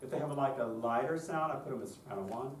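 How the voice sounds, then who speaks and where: A man leads a choir workshop, walking the audience through his methods and pausing often to ask "okay?". His voice is heard from some way off the mic in a roomy lecture space, with a faint hiss of background noise underneath. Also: mid-range voice, distant mic. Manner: explanatory, checks in with "okay?". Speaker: choir director presenting a workshop. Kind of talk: conference lecture with demonstrations.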